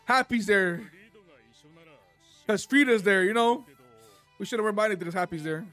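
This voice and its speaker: A channel host giving casual commentary while reacting to an anime, excitable, laughing often and swearing freely. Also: mid-range voice, normal speed, faint music behind.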